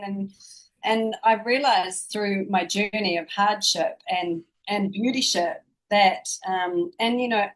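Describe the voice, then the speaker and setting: A woman's voice: medium pitch, poor audio. A woman in her fifties with a New Zealand accent, a guest speaking in a reflective, flowing way about her life. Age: 50s. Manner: reflective, flowing, spiritual phrasing. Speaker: guest, spiritual teacher. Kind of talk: casual interview chat.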